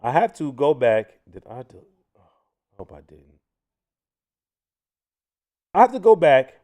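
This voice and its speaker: A man hosting a casual commentary livestream who talks to viewers directly and often restarts his sentences. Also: mid-range voice. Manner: animated, frequent restarts, addresses viewers as y'all. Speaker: livestream host.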